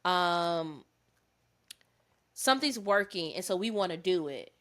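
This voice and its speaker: A woman's voice: lowish voice, lively intonation, a bit bright. A woman co-hosting a podcast in casual chat, often echoing and affirming her co-host. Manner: chimes in with quick affirmations and echoes.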